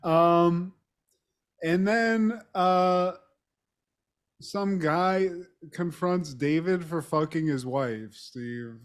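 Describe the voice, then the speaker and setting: A man's voice: a little high, extremely slow, long pauses, clean tone. A man co-hosting a podcast, casually recapping a TV episode with frequent laughter. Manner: laughs often, addresses co-host by name. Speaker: podcast co-host.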